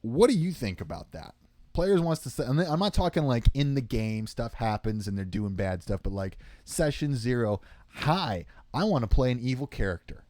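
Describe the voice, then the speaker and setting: A man co-hosting a casual podcast, jokey and rambling as he tells his stories. His voice is recorded dry and close, with no room echo at all. He speaks in an ordinary middle pitch. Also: lively intonation, normal speed, dark tone. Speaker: podcast co-host, former teacher. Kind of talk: casual chat.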